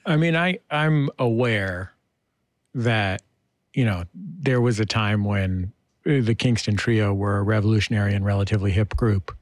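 A man's voice: lowish voice, normal speed, no echo. Curious male interview host, dry sound. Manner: curious, conversational questioning. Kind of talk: radio interview.

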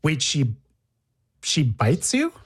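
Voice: mid-range voice, wildly swooping pitch, slow, slightly rough. An interviewer prompting a guest with curious follow-up questions in casual conversation.

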